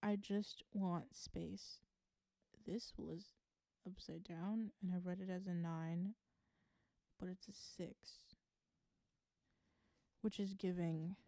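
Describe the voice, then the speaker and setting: A woman's voice: on the low side, fairly even intonation, slow, pauses often, warm tone, dry recording. A woman giving a casual tarot reading to camera, musing aloud in a chatty way and laughing often. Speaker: tarot reader.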